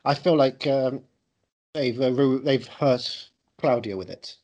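A man with a husky, breathy voice, giving his opinions on a film in a casual chat. He jokes and acts out quick mock quotes, at a middle pitch. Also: a little mellow, highs cut off. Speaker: podcast co-host.

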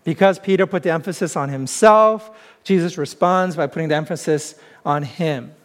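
A man's voice: on the high side, normal speed. A man preaching a sermon as pastor, in a conversational way that keeps posing rhetorical questions to the congregation.

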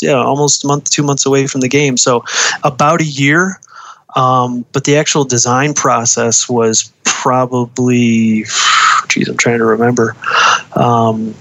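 A man's voice: medium pitch, bright, forceful tone. A man who works as a uniform designer, speaking casually in an interview, with many ums, uhs and restarts. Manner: hesitant, many fillers and restarts.

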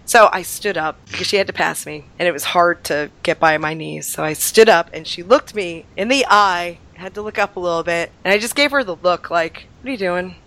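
A chatty woman with a slightly low voice tells rambling travel stories in a casual chat, full of little fillers. She sounds like she's still getting over being sick. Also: brisk, few pauses, a bit bright. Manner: chatty storyteller, lots of fillers. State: recovering from illness.

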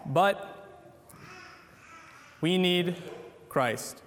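A man's voice: high voice, drawn-out words, big-room sound, a little hiss or hum. A man giving an earnest sermon in a church, repeating short phrases to drive his points home. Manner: earnest, repetitive exhortation. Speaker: preacher.

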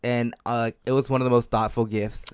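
Man, earnest guest on a chat podcast, halting and thoughtful; smooth, resonant voice, dry close sound. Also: medium pitch, little pitch movement, no room sound. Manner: hesitant, earnest, lots of fillers. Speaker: podcast co-host being interviewed. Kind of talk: casual chat.

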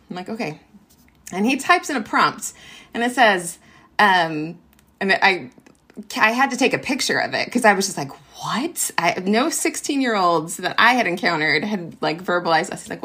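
A woman's voice: medium pitch, unhurried, breathy edge. A woman in her forties, an ed tech worker and former teacher, telling a story casually with lots of fillers and quoted back-and-forth. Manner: animated retelling with many fillers and quoted dialogue.

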